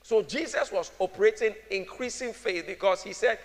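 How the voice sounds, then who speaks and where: A man preaches in a high, gravelly voice, calling on the congregation to answer him back. His words ring out with a long hall reverb while soft music plays underneath. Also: moderate pace. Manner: preaching with call-and-response, acting out voices. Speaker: pastor. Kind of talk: sermon.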